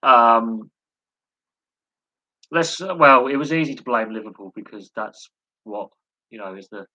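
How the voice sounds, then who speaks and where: A man's voice: mid-range voice, animated, measured pace, pushed and bright, no echo, highs cut off. A man hosting a live sports chat stream, talking in a rambling way with many fillers and repeated words. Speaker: host.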